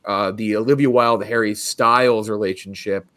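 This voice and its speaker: A man's voice: fairly low pitch, normal speed. A man hosting a movie podcast, chatting casually and animatedly. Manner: animated, restarts and laughs. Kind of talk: casual chat.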